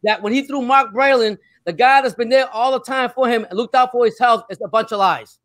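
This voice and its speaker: An older man with a strikingly high voice argues hard, repeating phrases and talking over whoever tries to cut in. The sound is dry with no room around it. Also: a little fast, dry recording. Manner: forceful, swears, repeats himself, cuts in. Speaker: boxing fan in a debate. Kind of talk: heated street argument.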